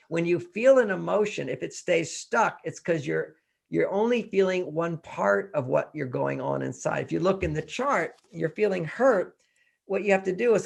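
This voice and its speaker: This interview features a guest author from Texas, a man in his sixties, who speaks with emphasis and performs the voices of people he quotes. His voice is a little high with vocal fry, moving at a moderate pace with lively intonation.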